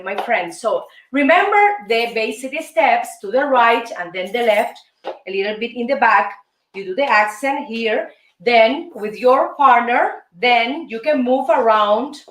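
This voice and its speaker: A Cuban woman who teaches dance and hosts a show gives a salsa lesson in her Cuban Spanish accent, counting beats aloud and calling out moves in a chatty way. Her voice is a little high and fairly bright, picked up by a distant mic in a roomy space with music behind.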